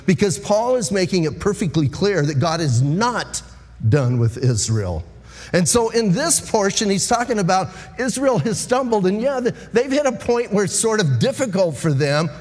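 A man delivers an evening sermon in a high, light voice, chatty and animated as he draws his congregation in. His words ring out with a long hall reverb around them. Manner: animated, conversational preaching with asides to the congregation. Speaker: pastor. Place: church sanctuary.

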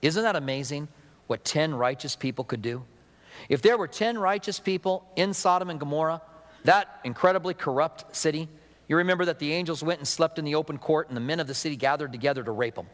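A man's voice: fairly high pitch, fairly quick. A middle-aged male pastor giving a conversational sermon, with chatty asides and acted-out dialogue. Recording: long hall reverb.

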